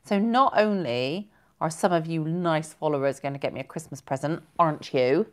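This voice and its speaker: Low-voiced chatty woman. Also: moderate pace. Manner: chatty and giggly, rambling with self-corrections. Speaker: live-stream host. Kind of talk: casual live-stream chat reading viewer comments.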